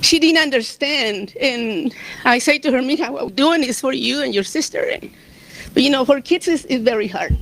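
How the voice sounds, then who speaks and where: Emotional woman, high voice. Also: animated, normal speed, fairly bright tone, a little hiss or hum. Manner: emotional, near tears, laughs between memories. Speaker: striking union member on a panel. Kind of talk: personal storytelling on a panel.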